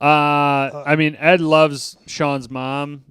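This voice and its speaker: A man's voice: fairly high pitch, level tone, drawn-out words, a bit bright, smooth, dry recording, clean studio sound. A man co-hosting a casual movie review podcast, quoting lines in mock British voices and swearing casually. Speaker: podcast co-host.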